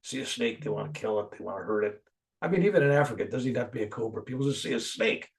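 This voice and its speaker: Gravelly older man, animated storyteller. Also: mid-range voice, very fast, far from the mic. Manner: animated storyteller, rising loud for emphasis, dropping soft for reflective moments. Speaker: interview guest. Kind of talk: storytelling in a conversation.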